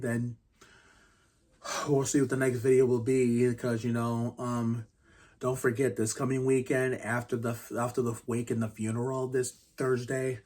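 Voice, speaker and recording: A man in his thirties hosting a casual basketball review vlog, rambling and restarting often and keeping his voice quiet. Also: mid-range voice. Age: 30s. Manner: speaks quietly to keep the noise down. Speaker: channel host reviewing basketball games.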